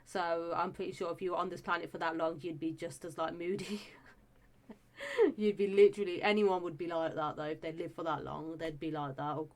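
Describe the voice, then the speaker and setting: Young woman, casual chatty reviewer, lots of "like" and "you know", slightly low pitch. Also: flat delivery, brisk, few pauses. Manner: chatty and gushing, many fillers and restarts. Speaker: show reviewer.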